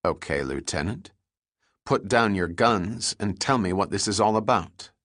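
A dry, unflappable male seaman answers in a low, quiet, wry voice, as a man reads him. The sound is close and dead, like an audiobook booth. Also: expressive, measured pace, dry recording.

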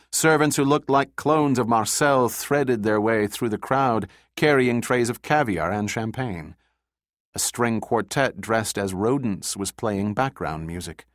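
A man narrating an audiobook in a steady, measured scripted reading. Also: on the low side, no echo, clean studio sound.

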